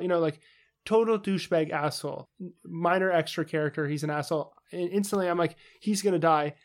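Animated man ranting on a podcast. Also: on the high side, fairly quick. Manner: animated ranting, acts out quotes in funny voices. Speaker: podcast co-host. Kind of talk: casual chat.

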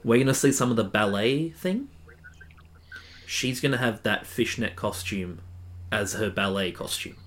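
Wry, lower-voiced man podcaster. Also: measured pace, fairly bright tone. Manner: wry, joking asides. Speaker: podcast co-host. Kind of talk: casual chat.

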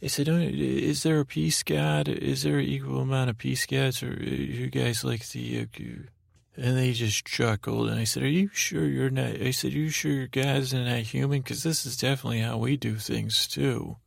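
A man with a very gravelly, creaky voice drifts through an improvised bedtime story, stumbling over words and circling back. The recording is close and dry, with no room sound. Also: fairly even intonation, no echo. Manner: meandering, halting, lots of fillers and restarts; drowsy, low-key storytelling. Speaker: podcast host. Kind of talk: rambling improvised sleep story.

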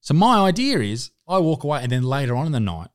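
A man's voice: mid-range voice, fast talker. A man in his thirties, a podcast co-host telling stories in casual chat and laughing often. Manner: animated storyteller, laughs often.

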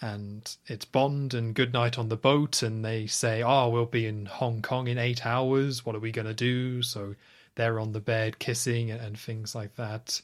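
A man co-hosting a podcast, casually recapping a film scene by scene with quick asides. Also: medium pitch, fairly even intonation. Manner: retells scenes at length, chatty with quick asides. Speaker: podcast co-host.

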